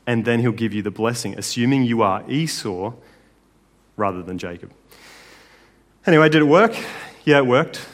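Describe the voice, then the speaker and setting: Male preacher, sermon, casual and chatty, mid-pitched voice, long hall reverb. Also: expressive, normal speed, long pauses. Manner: casual, conversational, with tag questions.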